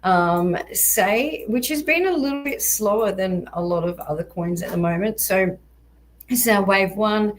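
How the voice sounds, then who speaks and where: A woman walking through crypto price charts in a measured, explanatory way, with frequent ums and a voice that is going hoarse. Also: mid-range voice, a little hiss or hum, rough recording. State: voice going hoarse, occasional coughs. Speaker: crypto market analyst. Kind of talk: chart analysis walkthrough.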